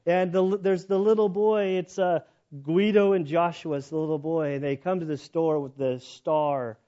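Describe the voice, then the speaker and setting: A man's voice: fairly high pitch, fairly even intonation, moderate pace, warm tone. A man giving a conversational sermon, telling a story in a chatty way with many fillers. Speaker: preacher. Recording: muffled, dull recording.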